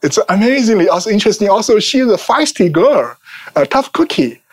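High-voiced man lecturing, "right?" constantly. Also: big pitch swings, a little fast. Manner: tags nearly every phrase with "right?", many fillers and restarts; laughs at his own asides. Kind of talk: informal lecture.

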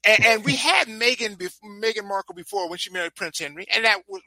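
A man's voice: high voice, fast, pushed and bright, no echo. A man co-hosting a podcast, riffing comically with stammering restarts. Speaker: podcast co-host, legal humorist. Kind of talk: casual podcast banter.

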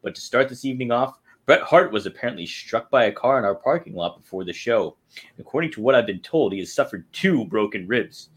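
A man's voice: medium pitch, lively intonation, brisk, lightly acted. A man voicing a male wrestling interviewer who asks pointed, accusing questions. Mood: probing.

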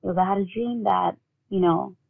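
A woman with a gravelly, husky voice tells her own story as an interview guest. She talks in a halting way full of fillers, and she acts out what family members said. The audio is thin and phone-like. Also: medium pitch. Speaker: guest, bereaved mother. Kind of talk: personal storytelling in conversation.

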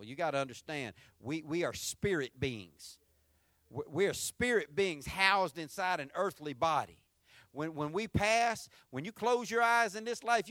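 Preaching as a pastor, a middle-aged man with a slightly high voice tells animated stories in a dry recording. He moves from loud, punchy moments to quiet, tender ones.

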